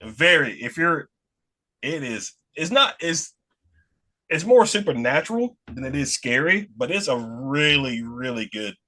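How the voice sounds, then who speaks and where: A man from Alabama with a Southern American accent talks casually as a podcast guest. His voice is bright and forward. He rambles, restarts his sentences and laughs between thoughts. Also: medium pitch, very animated, a little slow. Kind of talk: casual chat.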